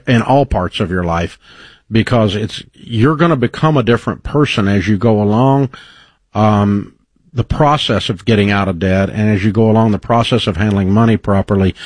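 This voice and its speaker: A man with a lowish voice hosts a call-in advice show, coaching callers in an encouraging, folksy, faith-based way. The sound is studio mic with no room sound.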